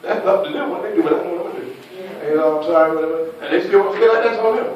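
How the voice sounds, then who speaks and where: High-voiced preacher in an echoey church. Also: male voice, racing, far from the mic, highs cut off, a crowd in the background. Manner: preaching with call-and-response and laughter. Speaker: pastor. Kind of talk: sermon.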